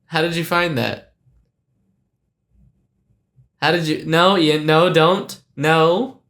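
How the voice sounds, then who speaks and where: Male co-host, casual podcast banter, halting and rambling delivery. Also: fairly high pitch, fairly even intonation, a bit bright. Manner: rambling, hesitant, many fillers and restarts. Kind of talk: casual chat.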